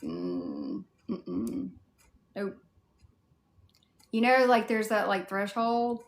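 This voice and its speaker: Southern lady rambling on a livestream, lots of "like", gravelly fry, echoey room. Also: on the high side, fairly even intonation, takes it slowly. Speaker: cosplay streamer answering viewer chat. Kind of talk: casual livestream chat.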